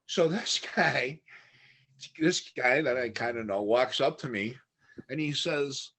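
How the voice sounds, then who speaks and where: A man's voice: mid-range voice, animated, normal speed, a bit bright. A middle-aged man telling stories in a casual podcast chat, rambling, laughing often and acting out what others said. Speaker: podcast guest.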